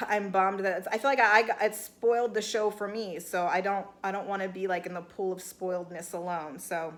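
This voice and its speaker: A woman's voice: medium pitch, fairly even intonation, moderate pace, fairly bright tone. A young woman recapping a reality show for her viewers in a chatty, sarcastic way. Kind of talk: casual chat.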